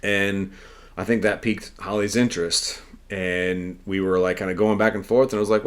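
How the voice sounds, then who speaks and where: Podcast host, a man with a slightly low voice, earnest and conversational, rambling monologue. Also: flat delivery, normal speed. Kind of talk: casual storytelling monologue.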